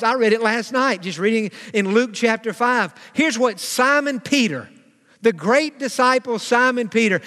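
In a church sanctuary, a pastor with a high, bright voice preaches, stretching out key phrases for emphasis and performing the voices of those he quotes. His words fade into the hall's long reverb, his delivery full of dramatic slowdowns.

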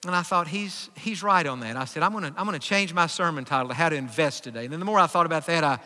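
A male pastor preaching a sermon, telling a story with emphatic, rising delivery that builds to near-shouts. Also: on the high side, fast. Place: church sanctuary. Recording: church hall with long reverb.

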